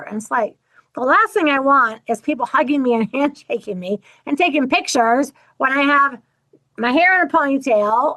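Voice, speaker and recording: A middle-aged woman hosting her own channel, talking candidly to viewers and acting out other people's lines in an animated way. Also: high voice, poor audio. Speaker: channel host. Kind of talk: personal talk to camera.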